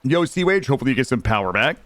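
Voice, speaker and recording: A young man streaming a game live, talking to his chat in a loud, excitable way with sudden yelps. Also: mid-range voice, rapid-fire, no room sound. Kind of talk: live gaming stream commentary.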